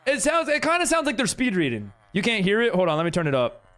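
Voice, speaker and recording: A young man talks fast while live-streaming a game, his high, fairly bright voice swooping wildly in pitch. He chats away, reading viewer messages aloud and responding to them.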